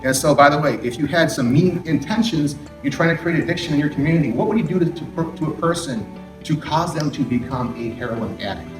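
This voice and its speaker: Over background music, a middle-aged male therapist speaks fairly quickly in a slightly high voice. He's delivering a frank addiction recovery talk to an audience, often quizzing the room and adding sarcasm. The sound comes from a distance in a spacious hall.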